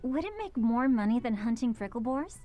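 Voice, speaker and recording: A woman voicing a calm, firm young woman. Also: a little high, brisk, crowd noise, close to an everyday voice. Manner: calm, level, quietly firm. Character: composed young woman, protective older sister. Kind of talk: game voice acting.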